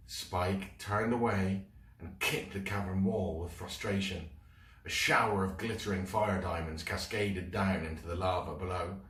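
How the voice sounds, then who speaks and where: Guy reading a kids book out loud, slow and really animated, echoey room, mic kinda far. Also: sits low. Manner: expressive, dramatic storytelling. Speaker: storyteller. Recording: roomy, mic at a distance.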